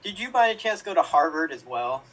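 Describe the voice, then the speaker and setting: A nosy, lively woman pries with question after question, as a man puts her on. Her voice swoops up and down. It sounds a little far from the mic. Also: fairly high pitch, fast. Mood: prying.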